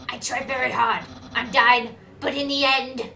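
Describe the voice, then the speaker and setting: A woman voicing a boastful, loud male skeleton guard in a theatrical, eager way. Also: a little high, fairly even intonation, a little slow, gravelly, full character voice. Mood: pleading. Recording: echoey room, distant mic, faint noise.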